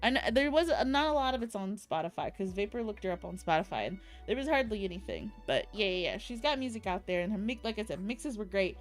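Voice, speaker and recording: A woman's voice: mid-range voice, expressive, fast talker, hardly any pauses, faint music behind. A young woman streamer chatting casually in a bubbly, rambling way, with giggles and cutesy baby talk. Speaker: streamer recapping an event. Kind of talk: casual chat.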